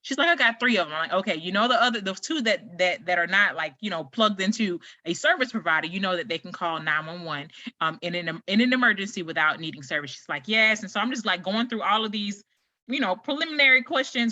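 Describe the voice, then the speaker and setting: Speaking at a quick pace in a medium-pitched voice, a US woman rambles through a story on her solo podcast. She is chatty and animated, dropping in frequent fillers, and the lo-fi recording has no room sound.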